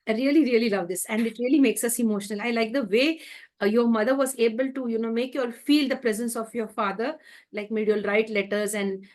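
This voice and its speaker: A woman with a fairly high voice hosts an interview. She asks open questions and answers her guest with effusive, repeated praise, often doubling her words. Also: fairly even intonation, quick pace, darkish tone. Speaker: interview host.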